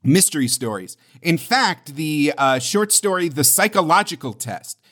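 A man's voice: fairly high pitch, expressive, unhurried, fairly bright tone. A man co-hosting a podcast, talking enthusiastically about games with lots of fillers. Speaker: podcast co-host. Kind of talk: casual chat about game history.

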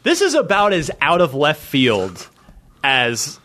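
Role: host. Animated man, bright voice. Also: a little high, slow pace. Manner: animated, chatty, loose with restarts. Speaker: podcast host. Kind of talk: casual chat.

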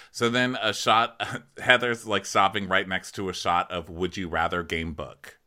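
A man's voice: flat delivery, a little slow, hardly any pauses, bright, forceful tone, smooth. A man co-hosting a podcast, recapping a reality show in a sardonic, joking way. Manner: sardonic, bursts into shrill mock impressions. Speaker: podcast co-host. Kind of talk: comedic recap chat.

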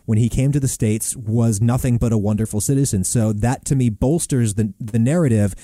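Emphatic male podcast host with a very dark, warm voice, recorded dry. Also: medium pitch, a little fast, dry recording. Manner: emphatic, excitable about pronunciation. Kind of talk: casual chat.

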